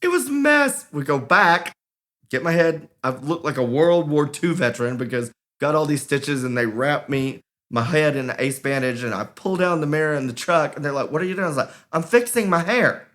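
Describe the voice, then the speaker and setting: Brief: man, podcast co-host, bright animated storyteller who acts out the quotes. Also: a little high, moderate pace. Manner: animated, acts out quoted voices, laughs while telling. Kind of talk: casual storytelling.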